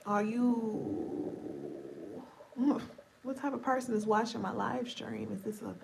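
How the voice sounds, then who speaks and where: A woman's voice: fairly high pitch, very animated, slow pace, vocal fry, background noise. Sleepy, chatty woman live-streamer. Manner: chatty, playful, talks straight to viewers. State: sleepy, voice going deep and scratchy. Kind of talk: casual live-stream chat.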